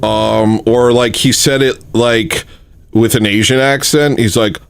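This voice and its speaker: A man's voice: mid-range voice, fairly even intonation, unhurried, clean tone, faint music behind. A man hosting a livestream, casually rambling through jokes and putting himself down. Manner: rambling, self-deprecating, drops into mumbles. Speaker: livestream host. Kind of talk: casual chat, trying out jokes.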